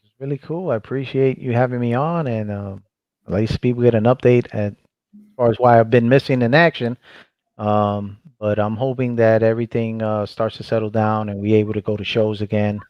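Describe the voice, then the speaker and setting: A man's voice: on the low side, steady tone, normal speed, no room sound. A male guest on a livestream, talking casually with enthusiasm and frequent restarts. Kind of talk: casual chat. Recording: dull dry call audio.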